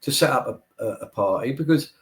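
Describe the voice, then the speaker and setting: A man answers in a political interview with a mid-pitched voice. He argues emphatically, stacking repeated phrases as if giving a speech. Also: lively intonation, a little fast. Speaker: political guest.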